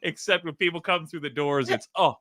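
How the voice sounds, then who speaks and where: A man co-hosting a casual panel chat, telling wry anecdotes in a bright, forceful voice. He has a medium pitch, and the recording is close and dry. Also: brisk, dry recording. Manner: wry storyteller, chuckles at his own jokes. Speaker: co-host.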